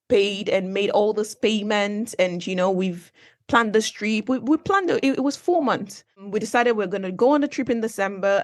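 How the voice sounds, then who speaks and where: Young woman from nigeria chatting on her podcast, mid pitch, lively asides, very dry close sound. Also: dry recording. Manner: chatty and animated, with asides and rhetorical questions to listeners. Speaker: podcast host. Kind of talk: casual solo storytelling podcast. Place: based in Manchester, recorded dry and close.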